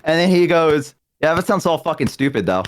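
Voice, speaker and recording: Laughing young man with a lively voice. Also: fairly high pitch, fairly quick. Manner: laughs a lot, joking and animated. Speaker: streamer. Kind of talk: casual chat.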